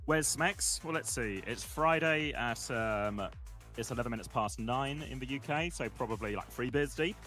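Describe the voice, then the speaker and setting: A man's voice: medium pitch, moderate pace, bright, forceful tone, faint music behind. A man co-casting a stream, teasing and laughing often in casual chat. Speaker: co-streaming esports caster.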